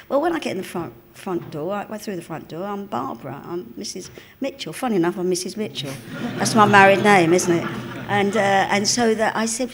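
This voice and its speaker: A woman's voice: medium pitch, brisk. An older woman in her seventies from the East End of London with a Cockney accent, telling anecdotes in a live on-stage interview and acting out the voices of the people she quotes. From East End of London, England. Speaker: guest actress. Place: cinema auditorium before an audience.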